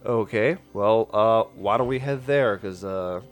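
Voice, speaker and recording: A man's voice: lowish voice, measured pace, soft background music. A man playing a tabletop game, joking and casually swearing. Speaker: player.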